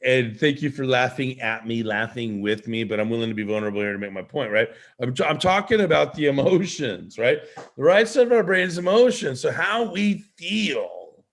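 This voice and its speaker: A man hosting a live online show as a leadership coach, teaching in an animated way with many rhetorical questions over a video call. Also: mid-range voice, fairly quick.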